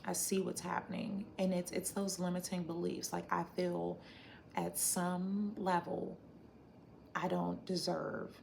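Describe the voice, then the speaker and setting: A woman hosting a casual livestream, reading viewer comments aloud and reflecting in a chatty, thinking-out-loud way. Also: fairly low pitch, vocal fry, a little hiss or hum. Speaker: livestream host.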